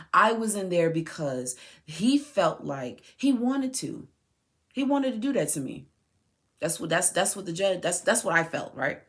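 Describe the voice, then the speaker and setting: Woman, lowish voice, impassioned personal monologue, heated, rhetorical questions. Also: a bit bright. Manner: heated, repeats and restarts phrases. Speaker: mother addressing her son.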